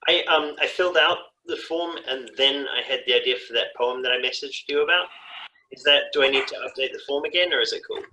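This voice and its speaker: A woman's voice: a bass voice, fast, pushed and bright, a little hiss or hum. A woman taking part in a storytime video call, chatting eagerly. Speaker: storytime participant. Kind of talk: casual chat on a video call.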